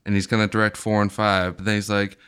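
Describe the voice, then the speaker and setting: Here a man with a lowish, smooth and clear voice talks films in an easygoing podcast chat. He drops dry, wry jokes with a relaxed, offhand delivery. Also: quick pace. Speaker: podcast co-host. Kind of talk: casual chat about movies.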